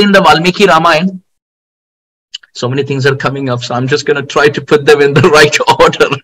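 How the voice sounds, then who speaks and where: A man giving a devotional sermon, telling stories in an animated way, with outbursts and frequent laughter. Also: fairly high pitch, poor audio. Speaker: spiritual teacher.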